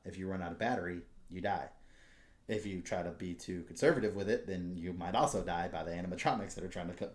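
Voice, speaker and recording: A man hosting a podcast, telling a story in casual, profane, animated chat, with a noticeable echo around him. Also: fairly low pitch. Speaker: podcast host. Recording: roomy echo.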